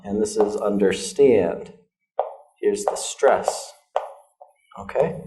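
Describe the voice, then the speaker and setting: American guy teaching pronunciation, talks slow, warm mellow tone, keeps saying okay. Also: fairly low pitch. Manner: demonstrates sounds, checks in with "okay?" constantly. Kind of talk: classroom pronunciation lesson.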